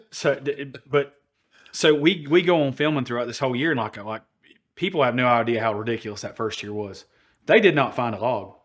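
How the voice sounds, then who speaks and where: A man's voice: mid-range voice, fairly quick. Brash Southern man telling a story. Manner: brash, animated storyteller who acts out quotes. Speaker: podcast guest. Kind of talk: casual storytelling.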